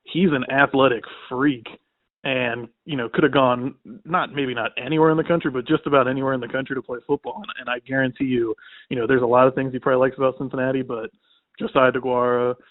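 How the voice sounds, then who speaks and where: A man's voice: medium pitch, steady tone, fast, dry recording. A man who is a podcast guest, giving casual sports analysis and peppering his talk with "like" and "you know". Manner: conversational, frequent "like" and "you know". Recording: dry phone-like line.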